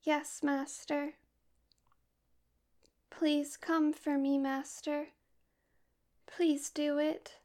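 An obedient female robot speaks in a slow, flat, mechanical monotone, as a woman puts her on. Her voice sits high and barely moves in pitch. Every line is measured and deliberate, like a programmed servant in an erotic audio role-play. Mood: pleading.

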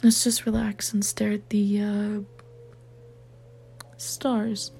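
A young woman acting out a caring partner in an audio role-play, talking gently and reassuringly with light teasing. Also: medium pitch, slow pace, a little hiss or hum. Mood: gentle.

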